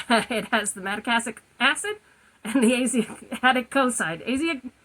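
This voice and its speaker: Chatty husky-voiced woman in her forties. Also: on the high side, measured pace, a bit bright, poor audio. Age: 40s. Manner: chatty, goofy, laughs at own slips. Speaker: skincare vlogger. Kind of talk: casual product review. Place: her room at home, indoors.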